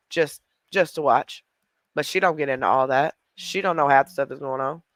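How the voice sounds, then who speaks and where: Woman, blunt mocking commentary, bright tense voice. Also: rumbling low, dry recording. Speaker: commentator reacting to a livestream. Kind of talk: casual reaction commentary.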